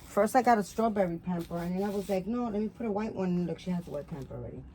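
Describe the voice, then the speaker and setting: A woman hosting a doll vlog in casual chat, loose, profane and rambling with many fillers, cooing softly at her dolls. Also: mid-range voice, quick pace, slight background noise. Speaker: doll channel host.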